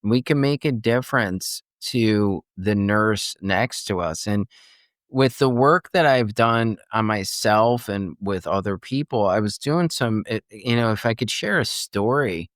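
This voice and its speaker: A man's voice: on the low side, a little slow, no echo, clean studio sound. A man in his fifties, a coach and former nurse, telling a personal story in a podcast interview in a loose, chatty way with frequent restarts. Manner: animated storyteller, loose and chatty, restarts often and acts out other people's words.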